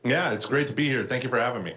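A man with a Texas accent, a guest minister answering interview questions in a lively, chatty way with frequent laughs. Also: mid-range voice, slightly rough. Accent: Texan. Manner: animated, laughs often, quick asides. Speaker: guest, parish ministry leader.

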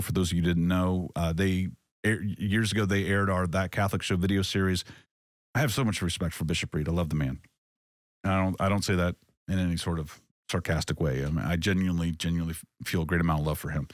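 A man's voice: deep voice, no room sound, clean studio sound. A man hosting a casual faith podcast, talking earnestly and reflectively, often restarting his sentences. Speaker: podcast host.

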